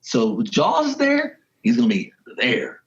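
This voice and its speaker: Animated man telling a story. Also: unhurried, highs cut off. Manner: animated, with sudden jumps in pitch and pace. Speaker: podcast guest, wildlife photographer and journalist. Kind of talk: casual storytelling.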